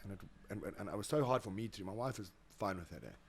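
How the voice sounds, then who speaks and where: Fast-talking South African man, animated. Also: lowish voice, gravelly, slight background noise. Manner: animated, acts out quoted voices, repeats words. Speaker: guest, motivational speaker. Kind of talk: casual interview storytelling.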